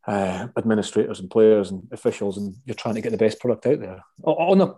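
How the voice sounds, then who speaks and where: Male co-host, raspy and dark, quick to get excited. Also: on the low side. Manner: excitable, joking. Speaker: commentator and co-host. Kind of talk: casual interview chat.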